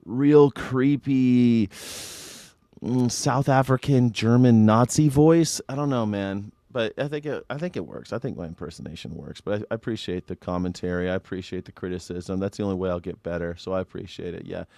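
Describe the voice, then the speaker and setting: A man's voice: sits low, quick pace, creaky, few pauses, a little mellow, no echo, clean studio sound. Sarcastic man hosting a news reaction show. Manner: irreverent, mocking, sarcastic ranting. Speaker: host. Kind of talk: live news reaction commentary.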